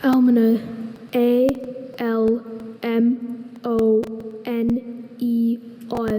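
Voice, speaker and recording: A young contestant at a spelling bee, politely asking quick questions and spelling letter by letter. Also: female voice, a little high, completely flat delivery, dark tone. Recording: hall reverb, faint ambience.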